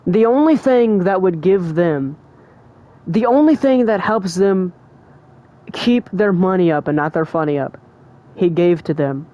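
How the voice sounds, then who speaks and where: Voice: mid-range voice, expressive, a little slow, dull audio. A young adult streamer talking casually and emotionally, full of fillers like "like" and "bro". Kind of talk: casual livestream chat.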